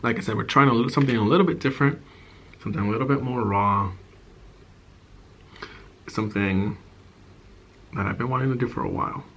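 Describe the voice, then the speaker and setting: A man's voice: mid-range voice, fairly quick, long pauses, a bit bright. Guy eating tacos and chatting in his apartment, just rambling, faint street noise outside. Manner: chatty and candid, trailing off, eating between lines. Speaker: ASMR and vlog creator. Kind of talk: casual chat while eating, mukbang. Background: faint outside noise of passing cars.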